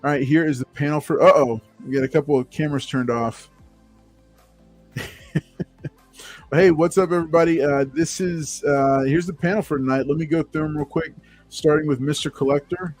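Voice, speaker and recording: A man's voice: on the high side, fairly even intonation, moderate pace, a little mellow, faint music behind. A man hosting a casual livestream talk show, upbeat and chatty, greeting viewers from the chat. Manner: upbeat, reads chat names aloud, many fillers.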